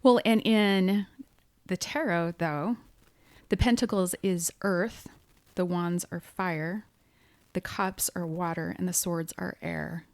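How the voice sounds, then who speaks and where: A woman's voice: lowish voice, steady tone, takes it slowly, no echo. A woman co-hosting a casual podcast, explaining tarot cards in a chatty, easy way with bursts of laughter. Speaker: podcast co-host, medium.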